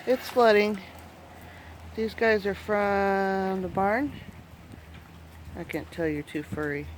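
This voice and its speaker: A woman's voice: medium pitch, steady tone, low-quality recording. A woman vlogging outdoors on a flooded farm, chatting to the camera and jokingly grumbling at her animals. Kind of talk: casual vlog narration. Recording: outdoor noise, running creek water. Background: rushing water.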